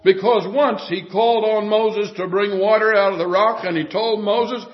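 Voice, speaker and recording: A man with a high voice preaches a sermon with emphatic delivery, often sinking to a hush. The recording sounds dull and lo-fi. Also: fairly even intonation, moderate pace. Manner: emphatic preaching that drops to hushed tones.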